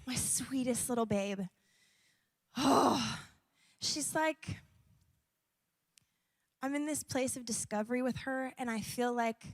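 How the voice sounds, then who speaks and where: A woman's voice: high voice, a bit bright, big-room sound. A young woman worship leader giving a chatty, rambling church talk, laughing often and using many fillers. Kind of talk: sermon-like personal talk. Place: church event.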